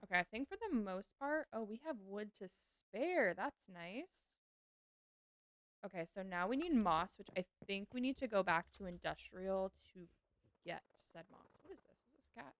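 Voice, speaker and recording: A woman's voice: mid-range voice, lively intonation, normal speed. Chatty woman streaming a game. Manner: chatty, answering chat as she plays. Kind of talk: casual live-stream chat while gaming.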